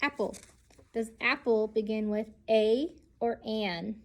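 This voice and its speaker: A woman's voice: fairly high pitch, takes it slowly. A woman teaching a children's lesson, speaking patiently and sounding out each letter.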